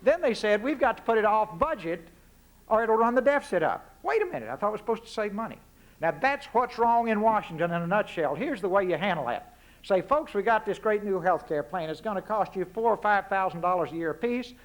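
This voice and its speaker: A man's voice: high voice, expressive, brisk. A man in his sixties with a Texan accent giving a folksy, punchy public address in a university lecture hall, firing off rhetorical questions. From Texas. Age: 60s. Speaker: public speaker.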